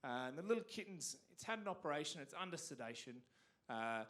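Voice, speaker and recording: An Australian man doing stand-up on a theatre stage, telling stories animatedly and punching up the big lines loudly. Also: fairly high pitch, brisk. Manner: animated storytelling with sudden loud punchlines. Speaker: stand-up comedian. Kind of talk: stand-up comedy set.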